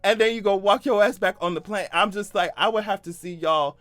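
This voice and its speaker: Brief: male vlogger, high bright voice, animated comedic commentary, laughs a lot, faint music underneath. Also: brisk, no room sound. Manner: animated, laughing, profane and exaggerated. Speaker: YouTube commentator. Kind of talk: casual comedic news commentary.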